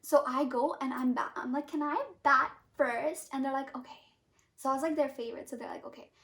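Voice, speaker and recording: A young woman with a high voice co-hosts a casual podcast. She tells stories with energy, acting out what each person said and laughing along the way. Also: quick pace. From Canada. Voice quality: animated, acts out quoted voices, laughs while telling. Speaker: podcast co-host. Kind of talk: casual storytelling chat.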